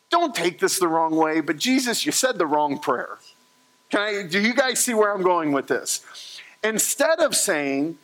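A middle-aged male pastor delivering a sermon with a fairly high voice. He preaches in an animated, joking way, acting out little quotes as he goes. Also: measured pace. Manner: humorous, animated storytelling with acted-out quotes.

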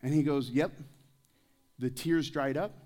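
At a church service, a pastor whose voice sits a little high preaches in an animated way at a moderate pace. His sermon runs on jokey anecdotal stories and questions for the congregation.

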